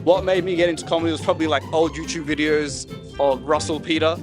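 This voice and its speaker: A nervous Australian man from Canberra talks plainly about his set. His voice is slightly higher than usual for a man. Loud music plays clearly behind him. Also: fairly even intonation, fast talker. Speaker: comedy contestant. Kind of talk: backstage interview.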